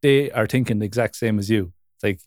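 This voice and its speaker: A man's voice: lowish voice, fast, a little mellow, no room sound, clean studio sound. A man co-hosting a podcast, talking in an easygoing, reflective way and laughing easily. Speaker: podcast co-host. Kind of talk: casual chat.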